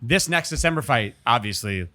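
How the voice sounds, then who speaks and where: A man's voice: mid-range voice, lively intonation, bright, forceful tone. A young man hosting a podcast, asking questions in an upbeat casual chat. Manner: quick, upbeat questioner who laughs often. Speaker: podcast host.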